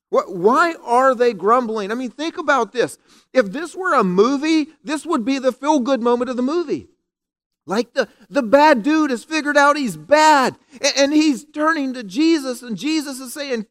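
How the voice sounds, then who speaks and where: A man preaching a conversational, animated sermon from a church stage. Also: very high voice, normal speed. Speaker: pastor. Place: church sanctuary.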